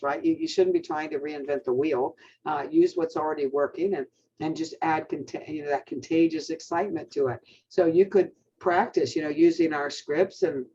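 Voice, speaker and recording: Male team coach, energetic pep talk, higher pitch, muffled call audio. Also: slight background noise. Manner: energetic, coaching, many fillers and restarts.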